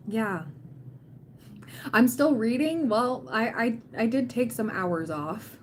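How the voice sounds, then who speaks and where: A woman's voice: fairly high pitch, lively intonation, unhurried, a little hiss or hum. A woman hosting a tarot livestream, chatting casually and cheering on her viewers, often quoting people in playful voices.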